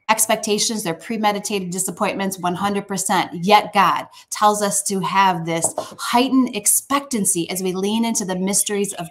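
A woman's voice: mid-range voice, a bit bright. A woman giving a sermon in a conversational, emphatic way, often restarting her phrases. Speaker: speaker at a church.

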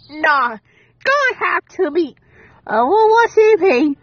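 High, animated woman, lo-fi sound. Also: takes it slowly, no room sound. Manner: excitable, exclamatory, swears in bursts. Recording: dull lo-fi audio with faint music.

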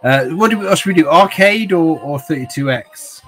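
A man's voice: a little high, lively intonation, moderate pace, fairly bright tone, faint music behind. A man hosting a casual livestream, rambling and chatting with viewers by name while a little tipsy from wine. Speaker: livestream host.

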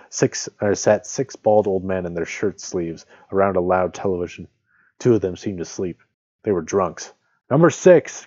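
A man reading a nonfiction essay aloud in a steady, measured way, now and then correcting a slip. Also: deep voice, no room sound. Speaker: reader of literature. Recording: dull lo-fi, dry close sound.

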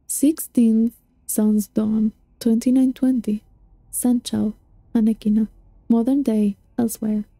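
A woman narrating fantasy books aloud in a measured storytelling manner. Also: on the high side, flat delivery, warm tone, no room sound. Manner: measured storytelling with occasional restarts. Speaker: book reader. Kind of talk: audiobook narration.

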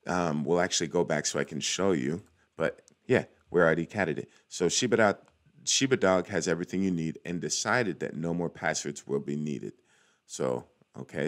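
Young guy with a really low voice talking thru a computer tutorial, chatty, keys clicking. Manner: chatty, cheers small wins, self-correcting. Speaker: cybersecurity tutorial host. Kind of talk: casual screen-recorded walkthrough.

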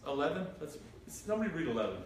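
A man leads a Bible study in an animated, rising voice, reading scripture aloud and firing questions at his listeners. He sounds like he is standing well back from the mic in a very echoey room. Faint noise sits under his voice. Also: on the high side, very fast, recorded from a distance. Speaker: pastor. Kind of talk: interactive Bible study sermon. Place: church room.

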